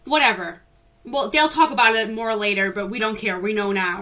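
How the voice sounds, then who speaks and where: A woman's voice: medium pitch, normal speed, bright, forceful tone. Ranting young woman. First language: German. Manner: exasperated, sarcastic, swears freely. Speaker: book reviewer. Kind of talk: casual book rant.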